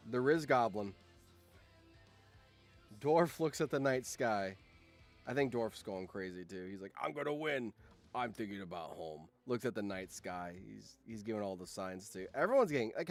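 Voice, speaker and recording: A man who hosts a channel and streams gives casual reaction commentary on a game simulation, swinging from low muttering to excited shouting.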